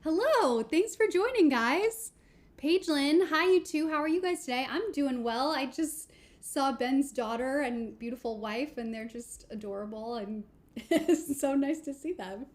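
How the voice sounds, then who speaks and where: A woman's voice: sits high, lively intonation, unhurried, darkish tone, reverberant. A cheerful, giggly woman, a voice actor, chatting and asking questions on a couch during a livestream. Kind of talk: casual chat on a livestream. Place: on a couch indoors. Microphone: camera or phone on a livestream.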